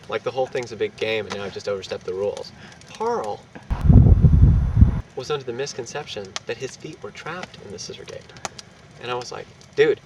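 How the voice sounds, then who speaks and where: A young man telling a rowdy anecdote in casual, profane, animated fashion, laughing between lines. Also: mid-range voice. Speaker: storyteller. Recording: distant mic with street and traffic noise.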